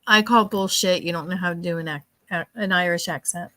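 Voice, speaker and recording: A woman's voice: fairly low pitch, a little fast, pushed and bright, no room sound. A woman co-hosting a live stream in casual chat, teasing and laughing often.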